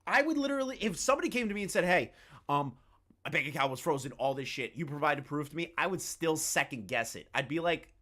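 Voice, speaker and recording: A man's voice: a little high, lively intonation, fast, sharp tone. Male reaction commentator, crude and mocking, heated rants. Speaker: commentary YouTuber.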